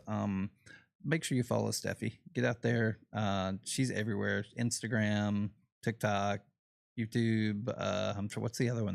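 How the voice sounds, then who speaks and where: A man's voice: lowish voice, creaky, dry recording, clean studio sound. A man with a Southern accent hosting a casual livestream interview, talking in an easygoing, folksy, rambling way. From Southern United States. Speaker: show host.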